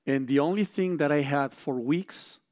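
A man's voice: fairly high pitch, normal speed. A middle-aged man, a guest speaker telling a story in a sermon, acting out quotes and restarting phrases. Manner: animated storytelling, frequent restarts and acted-out quotes.

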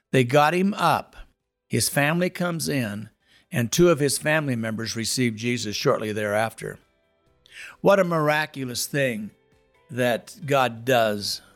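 Earnest storytelling pastor, a man. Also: mid-range voice. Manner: earnest, dramatic storyteller with building emphasis. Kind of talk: spoken testimony storytelling.

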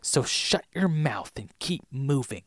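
Brief: man putting on a tough, grim woman, quiet and clipped, dry. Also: expressive, a little slow, dry recording. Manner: low, clipped and threatening. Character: hardened grim woman leading survivors.

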